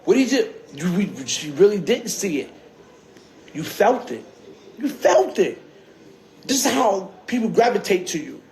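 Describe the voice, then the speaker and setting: The host's voice sits high with a darkish tone, swinging widely in pitch as he talks at a measured pace with frequent pauses. Speaking casually in street slang on a livestream, he keeps adding "you heard?", and the stream was screen-recorded on a phone.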